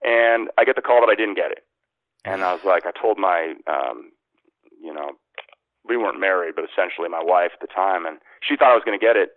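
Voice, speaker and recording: A man's voice: low voice, animated, brisk, dry recording. Rambling man on a tinny line. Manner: rambling, lots of restarts and "like". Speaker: sports radio host, former actor. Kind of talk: casual storytelling interview. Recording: tinny phone-like line, dry.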